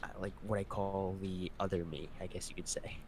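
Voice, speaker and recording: A young man with a very deep, low voice chatting casually, with a faint hiss behind him. He talks haltingly, repeating himself and restarting sentences. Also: level tone, darkish tone. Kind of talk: casual chat.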